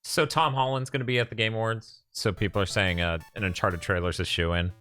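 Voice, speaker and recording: Co-hosting a casual gaming stream, a man jokes around, laughs often and reads chat messages aloud while he plays, with game music underneath. His voice is fairly low with fairly even intonation, delivered briskly in a pushed, bright way.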